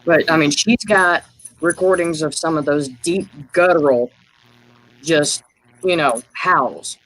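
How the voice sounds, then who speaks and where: A man's voice: fairly high pitch, slow, fairly bright tone, no echo, rough recording. A man casually telling a rambling story on a live call, full of fillers and restarts. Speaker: guest sharing field experiences.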